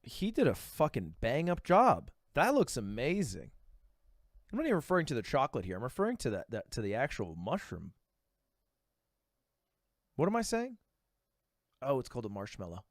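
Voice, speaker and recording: A man's voice: mid-range voice, sing-song, moderate pace, long pauses, no room sound, studio quality. Joking, profane male streamer. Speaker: streamer reacting to a video. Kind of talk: casual reaction commentary.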